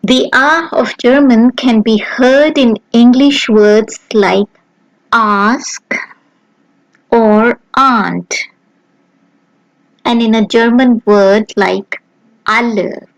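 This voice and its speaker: A woman with a fairly high voice reads out a beginner lesson at a very slow, deliberate pace. Every sound is spelled out clearly and carefully. The recording is dry and close. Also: fairly even intonation, darkish tone, no echo, dull audio. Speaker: language teacher. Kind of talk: slow scripted lesson narration.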